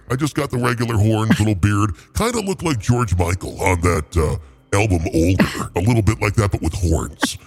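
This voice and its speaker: A man voicing Satan as a casual, crude, boastful guy who rambles and swears. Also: lowish voice. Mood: laid-back. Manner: rambling, profane, chuckling.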